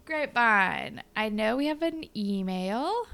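Podcast co-host, young woman, gravelly edge to her voice, animated recap chat. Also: on the high side. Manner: animated, acts out characters' lines in quick voices.

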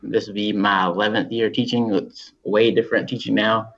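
Casting: man, teacher guest, fairly low voice, relaxed, muffled lo-fi sound with faint music. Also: normal speed, vocal fry. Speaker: guest, high school teacher. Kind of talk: casual interview answers. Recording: dull, lo-fi sound from a distance.

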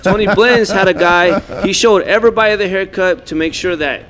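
A man's voice: high voice, fairly quick, a bit bright, a little hiss or hum. A man, a barber, telling a shop story in a casual chat and acting out the other people's lines.

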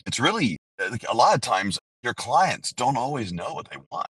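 A man's voice: medium pitch, big pitch swings, normal speed, a bit bright, breathy edge, dry recording, rough recording. A man who works as a voice actor, being interviewed in a candid, rambling way, often breaking off and restarting his sentences. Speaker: voice actor guest. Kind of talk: casual interview conversation.

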